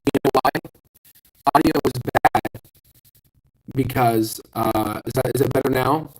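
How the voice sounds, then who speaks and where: A tired young man with a sore throat, his voice medium in pitch and measured in pace, hosts a casual, rambling stock chat from an outdoor hot tub into a phone held in his hand. He is self-deprecating and keeps restarting, while loud music plays behind him on a rough recording.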